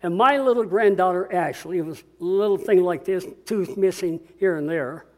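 An older man preaching a sermon as pastor, earnest and swinging between quiet reflection and rousing call-and-response. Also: sits high, normal speed.

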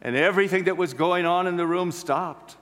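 A man preaching a storytelling sermon, swinging between loud, excited passages and hushed, quiet ones. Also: high-pitched, fairly quick. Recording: long hall reverb.

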